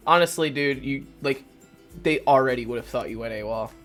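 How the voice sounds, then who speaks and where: A man's voice: medium pitch, brisk, a bit bright, faint music behind. A man giving casual let's play commentary, rambling, swearing and mocking himself as he reads through a game. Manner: rambling, profane, self-mocking. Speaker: gaming video host.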